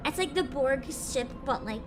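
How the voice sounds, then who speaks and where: High, lively, excitable woman streamer. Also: slow pace, music in the background. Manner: excitable, laughs often, swears. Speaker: game streamer. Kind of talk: casual live-stream chat.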